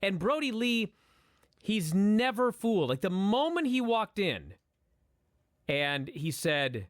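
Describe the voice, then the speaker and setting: Animated, profane man talking wrestling. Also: high-pitched, slow, no room sound, clean studio sound. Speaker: podcast co-host. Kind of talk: casual chat, wrestling review.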